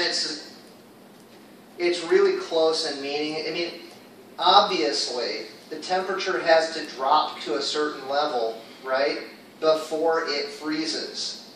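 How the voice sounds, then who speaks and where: A man teaches an English class, casual and upbeat as he quizzes his students, his voice sitting a little high. He is caught from far off in a very echoey classroom. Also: measured pace, a bit bright, slight background noise. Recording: echoey room, far from mic.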